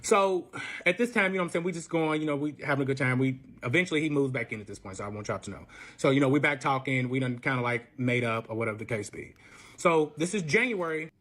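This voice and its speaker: A man's voice: medium pitch, fast talker. A young man telling a personal story in casual storytime style, swearing often and acting out quotes in a raised voice. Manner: profane, animated, acts out quotes in a raised voice. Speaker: storyteller guest.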